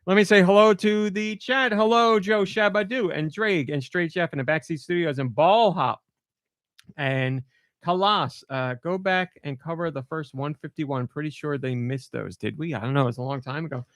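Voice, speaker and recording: A man's voice: fairly high pitch, moderate pace, fairly bright tone, no echo, studio quality. A man hosting a podcast in casual chat, rambling along and laughing easily. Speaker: podcast host.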